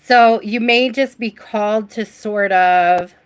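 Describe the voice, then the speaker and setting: Hiccuping throughout, a woman runs a live-stream tarot reading from her home reading space, giggling and chatting with both her viewers and spirit. She speaks slowly in a mid-range voice with a clean tone.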